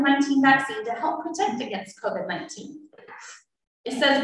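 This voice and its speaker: A woman's voice: sits high, expressive, fairly quick. A woman, a parent, making a public comment at a school board meeting, earnest and getting emotional. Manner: earnest, growing emotional and forceful. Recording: echoey hall, distant mic.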